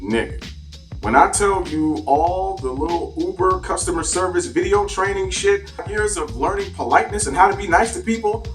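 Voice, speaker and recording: Animated man telling a driving story. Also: sits high, normal speed, far from the mic, soft background music. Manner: animated, profane, exaggerated retelling. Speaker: rideshare driver telling stories. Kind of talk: comedic storytelling.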